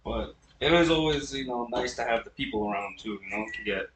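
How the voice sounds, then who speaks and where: A man in his twenties hosting a casual chat, laid-back and quick to agree. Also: medium pitch, a bit bright, far from the mic. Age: 20s. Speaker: podcast host. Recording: echoey room with faint background noise.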